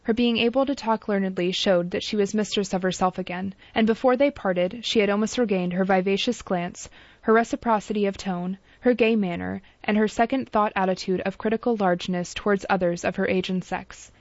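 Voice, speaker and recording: A woman's voice: medium pitch, darkish tone, no echo. Woman narrating a classic novel, dull sound. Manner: measured, formal storytelling. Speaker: audiobook narrator. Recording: dull dry lo-fi recording.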